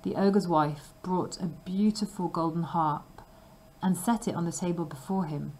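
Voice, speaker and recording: A woman narrating a fairy tale for language learners with clear, measured reading. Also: lowish voice, steady tone, a little mellow, poor audio. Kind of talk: scripted storybook narration.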